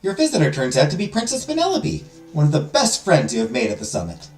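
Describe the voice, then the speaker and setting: This let's play host reads a visual novel with theatrical storytelling and jokey side comments, his slightly high, darkish voice swinging wildly in pitch at a quick clip. Music plays behind him in a roomy, echoing space.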